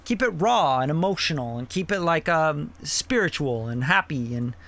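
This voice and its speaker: A man's voice: on the high side, lively intonation, moderate pace, fairly bright tone. Blunt, profane man giving song feedback. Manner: blunt and profane, with many fillers like "you know". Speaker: song review host and mixing engineer. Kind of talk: casual, blunt song critique.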